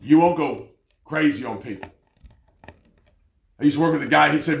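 Man, preacher, sermon, slightly high voice, echoey room. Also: moderate pace, gravelly. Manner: animated, jumps to high pitch when mocking others.

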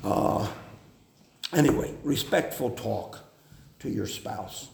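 Slow, gravelly man preaching in an echoey hall. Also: medium pitch, very animated, warm tone. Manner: slow, deliberate, with hesitant fillers. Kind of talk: sermon on family life. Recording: echoey hall with faint noise.

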